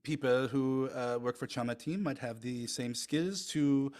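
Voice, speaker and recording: A man voicing a scheming male French Canadian syrup crime boss with a put-on French accent, halting and full of pauses. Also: mid-range voice, darkish tone, close to an everyday voice. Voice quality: halting speech with thick fake accent, many "uh" pauses. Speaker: game master voicing a character.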